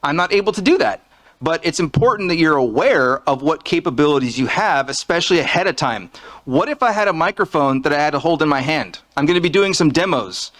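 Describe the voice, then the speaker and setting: A man's voice: on the high side, expressive, a little fast, a bit bright. A man giving a casual, joking talk from behind a podium on a conference stage, speaking into a fixed podium microphone.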